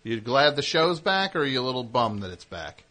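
This call-in radio host speaks in a mid-range voice with big pitch swings and a sharp tone. Heard over a radio broadcast, he ribs his callers, wanders through anecdotes, and trades lines rapidly.

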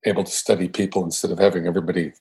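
Low husky older man, reflective. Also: little pitch movement, rapid-fire, a little mellow. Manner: reflective, theatrical, slips into a mock Southern drawl. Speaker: guest actor. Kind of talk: casual interview chat.

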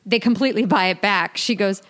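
A woman's voice: mid-range voice, fairly quick. A woman casually chatting as a podcast co-host, recapping an episode and acting out the characters' lines. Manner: animated, acts out characters' lines while retelling.

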